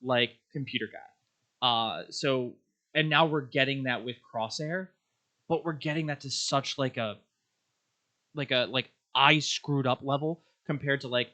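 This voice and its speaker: A man's voice: medium pitch, a little slow. A man co-hosting a podcast, talking casually and rambling with lots of "like" and restarts. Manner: rambling, lively, many likes and restarts. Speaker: podcast co-host. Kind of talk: casual chat.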